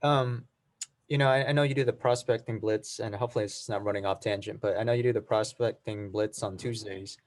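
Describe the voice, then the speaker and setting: A man in a training session answering and asking questions hesitantly, with many fillers and a near-monotone delivery. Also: on the low side, brisk. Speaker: trainee agent. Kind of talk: group discussion.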